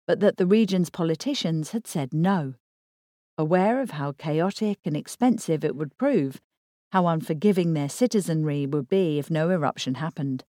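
An audiobook narrator with a voice on the low side reads a novel aloud. Her scripted narration is measured and even, in clean studio sound with no echo.

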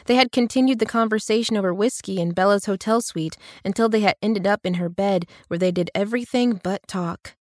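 Female audiobook narrator, mid-pitched, dry close-miked read. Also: fairly quick, few pauses, a little mellow, no echo. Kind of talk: scripted narration.

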